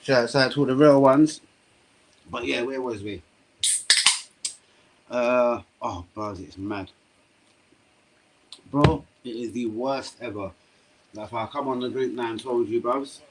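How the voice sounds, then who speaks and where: A young man talking fast and loose over a football match he streams live from home. His voice sits in a middle register. Faint noise hums underneath the recording. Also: mid-range voice. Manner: excitable, swearing, slangy, talking to chat. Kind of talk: casual live-stream commentary. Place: home room.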